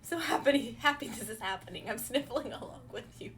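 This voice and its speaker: A woman live streamer chatting casually with her viewers while beading, excitable and laughing often. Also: fairly high pitch, fairly quick, slight background noise. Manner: giggly, excitable, frequently laughing.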